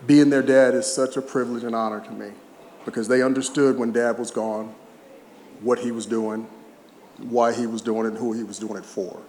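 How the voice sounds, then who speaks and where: A man's voice: medium pitch, steady tone, moderate pace, darkish tone, a little hiss or hum. A man around sixty, a retired baseball player, giving an emotional, humorous speech with personal anecdotes at a podium. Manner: emotional, humorous storyteller who chokes up at times. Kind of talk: heartfelt public speech with anecdotes. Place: large event hall. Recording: echoey hall, faint ambience.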